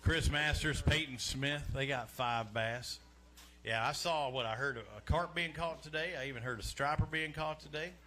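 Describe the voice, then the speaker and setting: Man, fishing weigh-in emcee, sharp bright tone, slightly high voice, joking and chatty. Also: normal speed, slight background noise. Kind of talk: live event hosting. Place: outdoor lakeside weigh-in stage.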